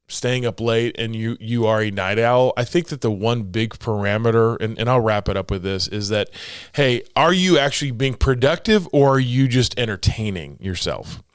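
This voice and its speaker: A man's voice: medium pitch, smooth, dry recording, studio quality. A man in his forties hosting a casual solo podcast from his home office, jokey and motivational in tone. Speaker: podcast host.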